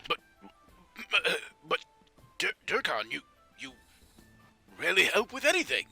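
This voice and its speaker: A man's voice: high-pitched, wildly swooping pitch, normal speed, gravelly, sharp tone, slightly rough, faint music behind, pitched above the performer's own voice, full character voice. A man voicing a doubtful town mayor who stammers as he talks.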